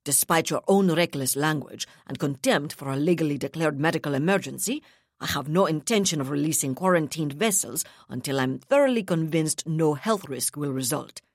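A woman's voice: deep voice, moderate pace, no echo, clean studio sound. A woman voicing an arrogant, scheming male colonial governor who speaks coldly and condescendingly. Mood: haughty. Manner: cold, inflexible, condescending.

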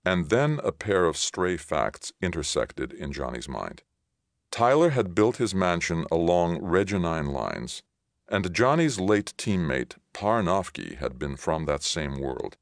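Very deep-voiced male narrator. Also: no room sound, studio quality. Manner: steady, measured reading. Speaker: audiobook reader. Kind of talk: scripted narration.

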